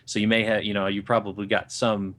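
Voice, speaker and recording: A man's voice: lowish voice, level tone, brisk, a bit bright. A man co-hosting a podcast, offering thoughtful, rambling advice in casual chat. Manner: thoughtful, rambling, with many fillers and restarts. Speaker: podcast co-host.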